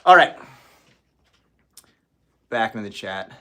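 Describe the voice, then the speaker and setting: A man with a high, bright voice rants profanely on a casual livestream. His pitch swings widely as he jumps between jokes and mock anger, and his tone stays sharp and forceful. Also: normal speed. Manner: profane, ranting, animated, laughs often. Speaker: livestream host.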